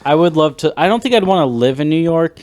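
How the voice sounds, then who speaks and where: A man's voice: fairly high pitch, expressive, fast, darkish tone, slight background noise. A man co-hosting a podcast, telling stories animatedly, laughing easily and swearing casually. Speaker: podcast co-host. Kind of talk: casual storytelling chat.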